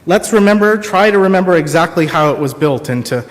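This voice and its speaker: Guy reading as an earnest elephant, coaxing, a bit high, echoey hall. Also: lively intonation, fairly quick, lightly acted. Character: earnest nostalgic elephant from a children's story. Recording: long reverb of a large hall.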